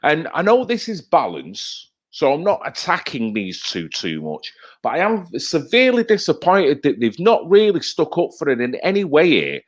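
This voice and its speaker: A man's voice: on the high side, huge pitch swings, moderate pace, hardly any pauses. A man commenting on TV clips in a heated, emphatic rant, often tagging his points with "right?". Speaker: video commentator. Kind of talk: reacting to TV clips, ranting.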